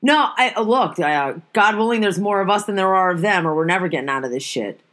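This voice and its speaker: A woman's voice: mid-range voice, expressive, fast, fairly bright tone. A woman in a casual, profane conversation, telling stories and ranting animatedly. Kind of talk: casual chat.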